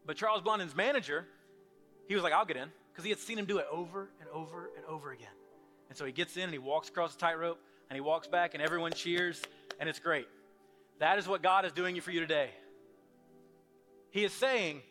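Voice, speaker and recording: A man preaching a sermon as a pastor, swinging from loud, urgent pleading to hushed, quiet appeals. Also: on the high side, a little fast, faint music behind.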